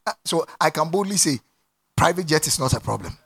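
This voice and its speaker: A man preaching a sermon to a congregation, repeating phrases, laughing and breaking into shouts. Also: a little high, lively intonation, a little fast, gravelly, slightly rough. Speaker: pastor. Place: church before a congregation.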